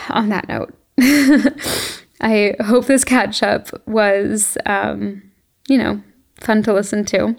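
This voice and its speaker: Young woman podcast host, gravelly fry, middle pitch, reflective and teary solo chat. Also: steady tone, very slow, long pauses. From Canada. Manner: reflective, emotional, laughs often. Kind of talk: casual solo monologue.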